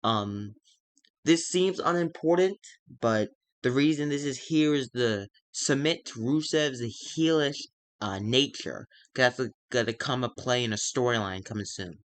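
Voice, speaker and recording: A man casually narrating his wrestling sim save, halting and full of fillers. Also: mid-range voice, dry recording. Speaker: gaming video creator.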